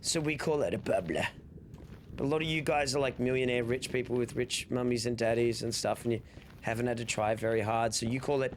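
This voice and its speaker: A man's voice: medium pitch, brisk. A young Australian man chatting casually to his stream chat, rambling and swearing freely. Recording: steady background noise.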